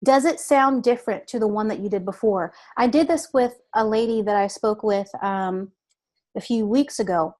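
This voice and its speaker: A woman voice coach explaining exercises in a deliberate, patient way. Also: mid-range voice, a little mellow. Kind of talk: instructive interview talk.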